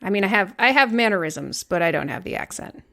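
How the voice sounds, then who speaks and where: Animated and brisk, a Vermont woman in her thirties co-hosts a podcast with a creaky, sharp-toned, medium-pitched voice. She rambles casually, curses freely and leans hard on her words.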